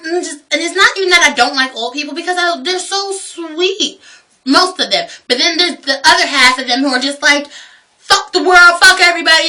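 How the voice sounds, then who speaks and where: A young woman telling a story as a vlogger, cursing freely and swinging between loud bursts and hushed asides. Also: high-pitched, distant mic. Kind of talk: casual storytelling rant.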